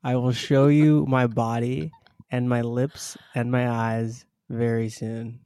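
Slow gravelly man reading dramatically. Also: medium pitch, little pitch movement, mellow, dry recording, studio quality. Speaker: guest reader.

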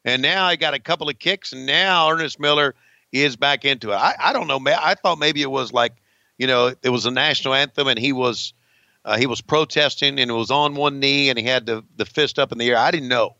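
A man's voice: medium pitch, a little fast, bright, forceful tone, dry recording, dull audio. A man calling play-by-play over an old wrestling match, crude and rambling, joking with his co-host and cursing often.

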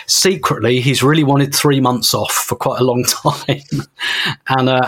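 A man as a podcast guest, talking at length in a loose, animated way with small laughs. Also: medium pitch. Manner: rambling, animated, laughs as he talks. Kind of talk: casual podcast chat.

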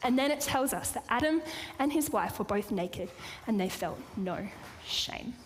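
High-voiced woman preaching in a hall. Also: animated, a little slow, a little hiss or hum. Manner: playful, chatty asides to the audience. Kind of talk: sermon. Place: church or hall with a live audience. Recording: long hall reverb.

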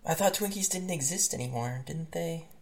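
A man's voice: on the high side, moderate pace, a crowd in the background. A man co-hosting a casual podcast, laughing often and reading an interactive story aloud. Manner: laughing, animated reader.

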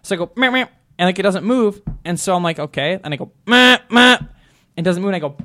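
A man tells rambling, animated anecdotes on a talk show and acts out every quote. He talks very quickly in a somewhat high voice. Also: slight background noise. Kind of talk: casual storytelling chat.

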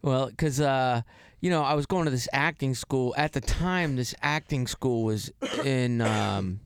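A man's voice: medium pitch, a little slow, clean tone, no room sound, studio quality. A middle-aged man from Florida, telling rambling stories in a casual chat as a guest and laughing often. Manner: rambling, laughs often, mimics voices in anecdotes.

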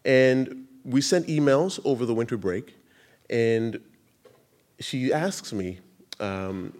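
A man telling a personal story on stage, animated, laughing through his lines and acting out what others said. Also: mid-range voice, slow pace. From Canada. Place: live stage event.

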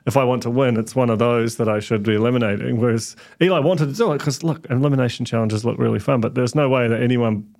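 A man's voice: medium pitch, quick pace, vocal fry, hardly any pauses, darkish tone. A man, chatting casually on a podcast panel, rambling with many restarts. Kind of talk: casual chat.

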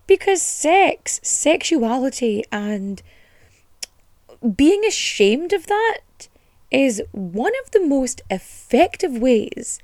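A woman's voice: sits high, very animated, slow pace, darkish tone, no room sound, studio quality. A young woman from Ireland, hosting a casual storytelling podcast in a sweary, sarcastic, ranting way. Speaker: podcast host.

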